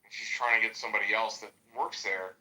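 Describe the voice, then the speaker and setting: A US man co-hosting a casual podcast tells stories quickly in a bright, forceful, steady voice, with a rough recording. He's loose and profane, leans heavily on fillers, and jumps high in pitch to imitate other people.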